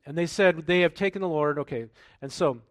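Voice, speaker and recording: Here a pastor preaches, first reading verses aloud, then talking them over casually and asking rhetorical questions. The man's pitch is fairly high, his delivery runs a little fast, and there's no room sound.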